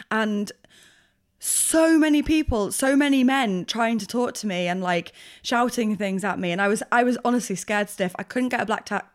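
A woman co-hosting a podcast, telling a story in a rambling way with lots of fillers. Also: medium pitch. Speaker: podcast co-host. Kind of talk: casual chat.

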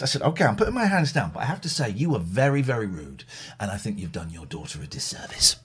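A man hosting a chat show, telling stories in a rambling, animated way. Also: medium pitch, quick pace, slightly rough. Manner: rambling, lively, mimics others. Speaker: podcast host.

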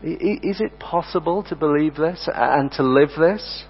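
A man preaching a sermon, earnest and emphatic, addressing the congregation as friends and slowing down to repeat key words. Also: a little high, slightly rough. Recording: dull sound with long hall reverb and mains hum.

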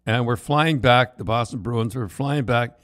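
A man's voice: mid-range voice, measured pace, no room sound. Older man rambling through anecdotes, dry close sound. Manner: rambling, animated, with frequent restarts and laughs. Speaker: storyteller co-host. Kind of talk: casual anecdote telling.

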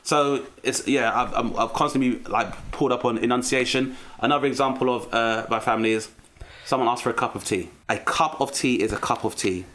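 London man, 30s, quick comic storyteller being interviewed. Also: medium pitch. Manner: animated storyteller, acts out strict relatives. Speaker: comedian guest. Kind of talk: casual podcast interview.

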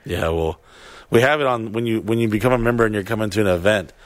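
A man's voice: fairly low pitch, fast, no echo. A young man co-hosting a podcast, talking bluntly and casually with plenty of profanity. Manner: blunt, profane, laid-back. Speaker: podcast co-host and event organizer.

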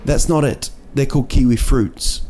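A mid-range male voice with a dark tone speaks steadily at a normal speed over a little hiss or hum. The host of a casual solo podcast, he rambles and jokes with lots of fillers and restarts, recorded at night indoors in a city.

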